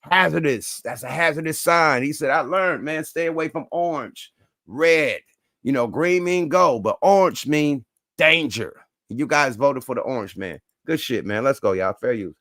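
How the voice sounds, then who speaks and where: A man's voice: mid-range voice, expressive, normal speed, a bit bright, no echo, studio quality. A man hosting a show, reacting to clips with loose, profane, emphatic commentary and catchphrases. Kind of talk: casual commentary.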